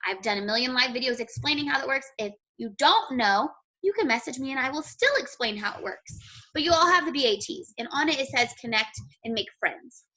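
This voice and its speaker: A woman's voice: high voice, animated, fairly quick, bright, forceful tone. A young woman leading a motivational team call, chatty and blunt, swearing casually as she coaches. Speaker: team leader.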